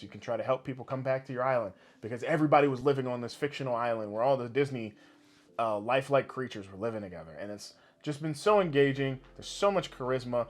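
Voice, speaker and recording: A young man co-hosting a casual gaming podcast, telling stories with lots of swearing and big laughs. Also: medium pitch. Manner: animated, swearing, laughing storyteller. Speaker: podcast co-host.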